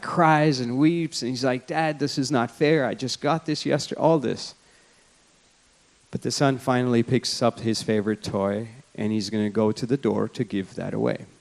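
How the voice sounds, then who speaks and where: Man giving a reflective keynote talk. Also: medium pitch. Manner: storytelling, reflective, conversational. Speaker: keynote speaker. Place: lecture hall at a symposium.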